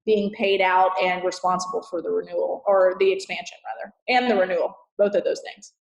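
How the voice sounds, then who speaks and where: Texan woman, podcast guest, earnest and emphatic, mid-pitched, echoey room. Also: fairly even intonation, brisk, vocal fry, lo-fi sound. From Texas. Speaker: guest, customer success consultant. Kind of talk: podcast interview. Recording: roomy echo.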